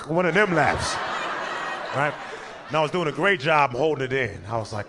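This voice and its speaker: A young man doing animated stand-up storytelling, acting out the characters and laughing as he goes. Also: a little high, moderate pace, long pauses, noisy background. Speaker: stand-up comedian.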